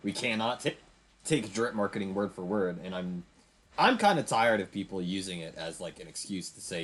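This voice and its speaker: A man's voice: sits low, normal speed, a bit bright, breathy edge. A young man streaming a game, giving a rambling, emphatic commentary with frequent restarts. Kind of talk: casual gameplay commentary.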